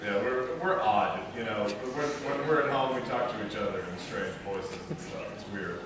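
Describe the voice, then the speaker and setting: A male voice actor chatting on a convention panel, lively and laughing, slipping into funny voices. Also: fairly low pitch, normal speed. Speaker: voice actor guest. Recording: echoey room, distant, noisy amateur recording.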